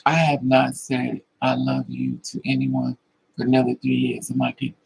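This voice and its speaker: Husky, creaky-voiced man confiding emotionally. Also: mid-range voice, fairly even intonation, moderate pace, a little mellow, rough recording. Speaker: livestream host. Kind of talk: casual livestream talk, answering chat.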